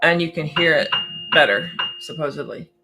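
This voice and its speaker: A woman's voice: low-pitched, moderate pace. Woman piano tech doing a live q&a, rambly and chatty, laughs a lot, loses her train of thought. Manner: chatty and scattered, with many restarts and bursts of laughter. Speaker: piano technician answering livestream questions. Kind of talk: casual livestream Q&A.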